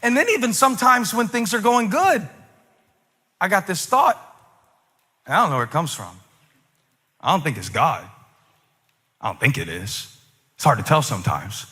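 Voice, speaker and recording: A male pastor in his forties preaching a sermon, moving between loud preaching and quiet, low asides, confessional and self-mocking. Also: sing-song, moderate pace, pauses often, husky, in a large hall. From United States. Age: 40s.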